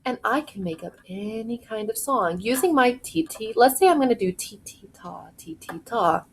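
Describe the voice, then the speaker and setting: A woman music teacher in her kitchen, giving slow, clear, encouraging instructions to young children in a home video lesson. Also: on the high side, expressive, background noise.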